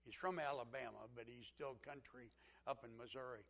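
A man's voice: medium pitch, moderate pace, gravelly, fairly bright tone. A man preaching a sermon as pastor, telling a story in a conversational way.

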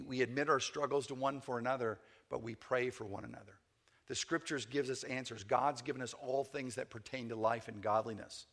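A man preaching a sermon in a conversational way, checking in with the congregation often and rising in pitch for emphasis. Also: a bit bright. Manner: conversational preaching, frequent "okay?" check-ins; repeats words and restarts, rises in pitch for emphasis.

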